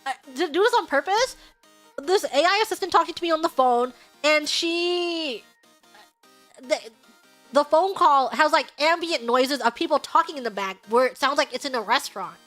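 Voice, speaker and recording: A woman streamer chats casually and tells her stories with lively exasperation, sometimes breaking into shouts. Her voice is high and bright. Faint music plays underneath. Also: normal speed. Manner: animated, exasperated storytelling with shouted outbursts. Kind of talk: casual stream chat, storytelling.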